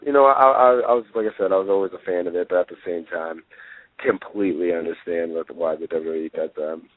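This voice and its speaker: A young man with a lowish voice rambles through a casual interview, full of fillers and rising excitement. The sound is dry and narrow, like a phone line. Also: fast, no echo. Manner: rambling, lots of fillers, gets excited retelling. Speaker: guest wrestler.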